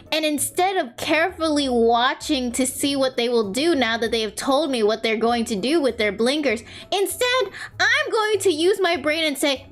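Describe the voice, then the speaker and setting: Animated, high-pitched young woman streamer. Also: moderate pace, few pauses. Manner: animated storytelling, rambling and self-mocking. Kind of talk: casual chat while drawing.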